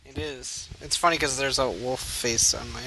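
A man on a casual voice-call podcast, making quiet, laid-back asides. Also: medium pitch, fairly even intonation, moderate pace. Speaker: podcast co-host. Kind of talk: casual chat over a voice call. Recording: noisy voice-call mic with clicks.

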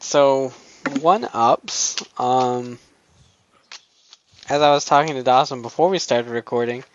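A young man co-hosting a casual podcast, talking in a rambling, hesitant way with plenty of ums and wry, sarcastic asides. His voice sits in a middle range. The recording sounds dull and lo-fi. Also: medium pitch. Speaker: podcast co-host. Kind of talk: casual chat. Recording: dull lo-fi audio.

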